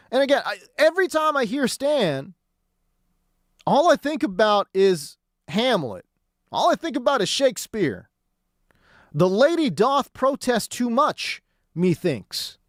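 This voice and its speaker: A man's voice: very high-pitched, no room sound, clean studio sound. A man hosting sports talk radio, ranting in a heated, exasperated way and hammering his points with repetition.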